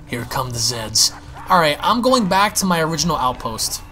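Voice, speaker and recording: A man giving excitable, profane live commentary while playing a zombie shooter, often repeating his words. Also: a little high, moderate pace, soft background music. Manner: excitable, swears, exclaims and repeats himself. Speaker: gaming YouTuber.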